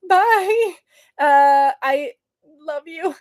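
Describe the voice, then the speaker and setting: A woman's voice: high-pitched, animated, extremely slow. A woman hosting a casual livestream from her phone, chatty and flustered, laughing often. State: sweating and flustered. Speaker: livestream host.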